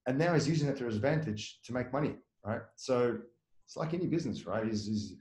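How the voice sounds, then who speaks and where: A man's voice: mid-range voice, animated, quick pace, a little mellow, reverberant, rough recording. A man running a marketing agency, talking in a casual interview, rambling with fillers and restarts and tagging his points with "right?". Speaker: marketing agency owner, guest.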